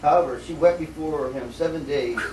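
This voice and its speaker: A man's voice: fairly high pitch, brisk, a little mellow, a little hiss or hum. Man, class member, plain reading, far from mic, roomy sound. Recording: echoey room, distant mic.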